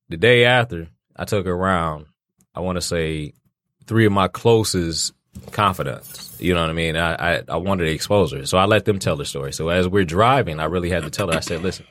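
A man's voice: sits low, moderate pace, a bit bright, no room sound, clean studio sound. A middle-aged man in a casual chat, talking bluntly and with emphasis, swearing freely while he tells a story.

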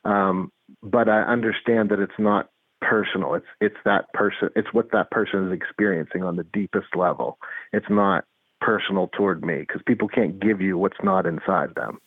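Low-voiced man on a tinny phone-like line. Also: fairly even intonation, moderate pace, husky, no room sound. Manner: earnest, repeats words while building a point. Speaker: psychologist guest. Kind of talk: interview, explaining with stories.

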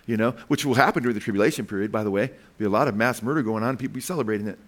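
A man preaching a sermon to his congregation, pausing to ask questions and walk them through slides word by word, with frequent "okay" and "right". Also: on the high side, fairly bright tone. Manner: emphatic, asks the congregation questions. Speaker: pastor.

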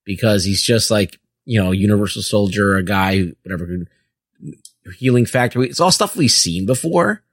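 A man co-hosting a podcast in casual chat, rambling and halting. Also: on the low side, lively intonation, husky, no echo, clean studio sound. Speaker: podcast co-host.

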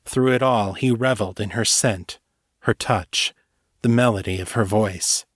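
Casting: low-pitched male author-narrator, measured delivery, dry close-mic sound. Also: dry recording. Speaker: author and podcast host. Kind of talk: scripted fiction narration.

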